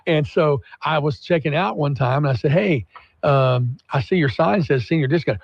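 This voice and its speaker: Man, radio co-host, gravelly husky voice, dry dull studio sound. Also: mid-range voice, normal speed, no echo. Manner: storytelling, laughs often, acts out quoted people. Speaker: radio talk show co-host. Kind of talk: casual radio chat. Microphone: studio microphone. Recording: slightly dull, dry studio broadcast audio.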